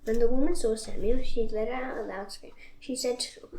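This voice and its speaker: A woman's voice: fairly high pitch, brisk, mellow. A woman reading scripture aloud steadily, with small slips and restarts. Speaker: Bible reader. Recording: echoey room, faint noise.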